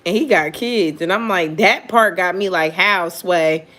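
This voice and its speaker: A woman's voice: mid-range voice, normal speed, a bit bright. A woman who reads tarot, telling a story in casual chat with blunt, profane talk and frequent laughter. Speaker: tarot reader.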